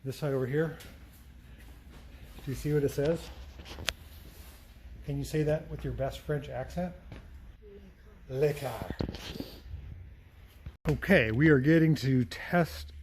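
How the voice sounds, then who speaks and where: A man's voice: fairly high pitch, fairly even intonation, a little slow, pauses often, slight background noise. A middle-aged man running a casual vlog in his auto repair shop, talking friendly through each step as he works. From United States. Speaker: mechanic and channel host. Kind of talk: casual shop vlog, explaining while working.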